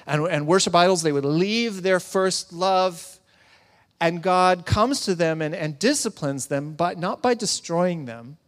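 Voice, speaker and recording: A man preaching a sermon in a conversational style, with humor and asides to the congregation. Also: fairly high pitch. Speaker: pastor. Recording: long hall reverb.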